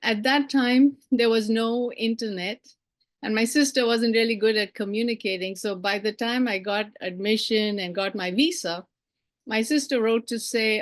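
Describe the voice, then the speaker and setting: Lively woman telling her life story. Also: on the high side, normal speed. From India. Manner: animated, acts out quoted voices with laughs. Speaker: keynote speaker. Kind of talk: personal storytelling speech.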